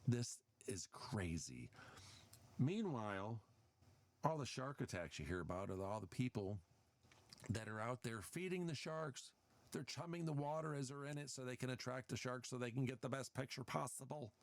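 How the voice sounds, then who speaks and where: A man's voice: mid-range voice, expressive, normal speed, no room sound. A man hosting a podcast, delivering a casual, sarcastic, exasperated rant. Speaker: podcast host. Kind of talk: casual ranting monologue.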